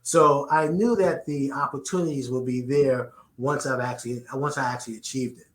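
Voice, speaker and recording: A man's voice: mid-range voice, steady tone, moderate pace. A middle-aged man from the Bronx with a New York accent, earnestly answering interview questions and often restarting his sentences. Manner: earnest, repeats words when starting sentences. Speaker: podcast guest. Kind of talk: conversational interview. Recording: roomy echo.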